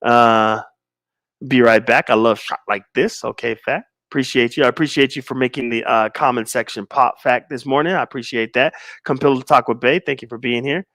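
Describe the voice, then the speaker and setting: A man in his forties hosts a livestream, reading viewers' comments in laid-back banter and slowing into emphatic stress on his key points. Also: medium pitch, fairly even intonation, a bit bright, no room sound, studio quality. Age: 40s. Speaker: livestream host.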